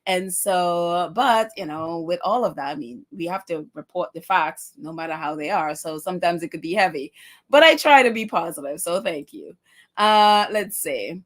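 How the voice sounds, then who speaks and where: A woman hosting a casual livestream, chatting warmly and reading out viewer comments with many fillers. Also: fairly low pitch, lively intonation, normal speed. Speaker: livestream host.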